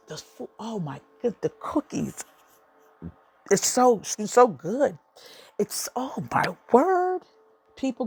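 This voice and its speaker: A woman's voice: on the low side, darkish tone. A woman hosting a podcast from her home office, talking casually and emotionally, gushing and repeating words for emphasis. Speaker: podcast host. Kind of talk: casual monologue.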